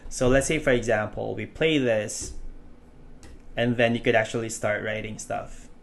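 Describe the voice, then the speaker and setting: A man's voice: on the low side, fairly even intonation, moderate pace, vocal fry. A man with a Filipino English accent, teaching an online course in a chatty, loose way with many fillers and restarts. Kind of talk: casual tutorial explanation.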